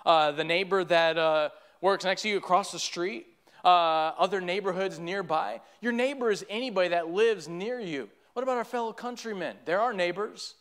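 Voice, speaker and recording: A man's voice: high-pitched, moderate pace, fairly bright tone. A man. He is earnest and pleading, and he often stumbles and restarts as he builds toward his points. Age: 30s. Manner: earnest preaching with repeated restarts. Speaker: preacher. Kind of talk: sermon.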